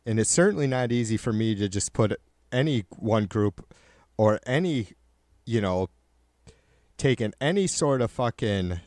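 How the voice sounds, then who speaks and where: A man's voice: fairly low pitch, expressive, a little slow, long pauses, darkish tone, no echo, studio quality. A man hosting a livestream in casual chat, swearing constantly and ranting heatedly to his viewers. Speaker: livestream host.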